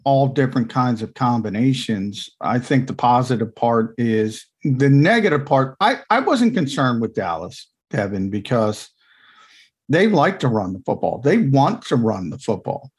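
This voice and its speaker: A man's voice: mid-range voice, sing-song, slightly rough. Chatty man breaking down football. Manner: chatty, explanatory, quick asides. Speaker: team insider analyst. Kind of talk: casual podcast analysis.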